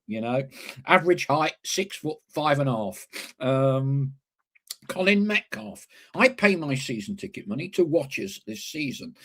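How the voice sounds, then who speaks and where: Husky man hosting a podcast. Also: mid-range voice. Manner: chatty, wry asides between read-out comments. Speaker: podcast host reading listener comments. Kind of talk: casual live podcast chat.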